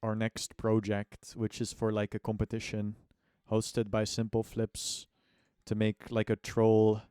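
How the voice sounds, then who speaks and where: A man's voice: lowish voice, completely flat delivery, a little slow, dark tone, smooth, no echo, studio quality. A man streaming live and chatting casually, rambling along with plenty of self-mockery and offhand swearing.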